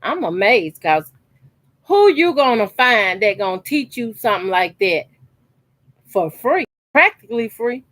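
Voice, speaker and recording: Slow-talking woman quilter. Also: on the high side, sing-song, a bit bright, dry recording. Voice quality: colloquial, chatty, emphatic repetition. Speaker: sewing channel host. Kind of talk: casual chat while sewing. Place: her sewing corner at home.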